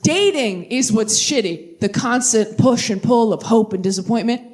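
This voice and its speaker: A woman's voice: on the high side, moderate pace. A woman in her twenties performing a stand-up comedy set on stage, acting out quoted voices. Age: 20s. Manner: animated, acts out quoted voices. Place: stage before a laughing audience.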